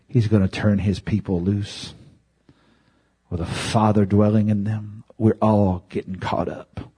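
Husky low-voiced guy preaching a sermon, gets loud then drops to a whisper. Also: little pitch movement, unhurried. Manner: impassioned, swinging from loud climbs to hushed, whispered lines.

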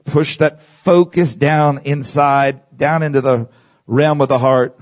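A male preacher teaching a congregation and walking them through exercises step by step. He repeats his phrases, drops in "Amen" often and calls for the crowd to answer. His voice sits at an ordinary middle pitch. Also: steady tone, takes it slowly. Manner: guides the audience through exercises with call-and-response. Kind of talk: sermon teaching.

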